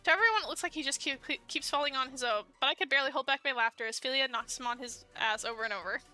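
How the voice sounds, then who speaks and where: Giggly young streamer girl reading a dating game, really bright, music low in the back. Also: rapid-fire, smooth. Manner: chatty, giggly.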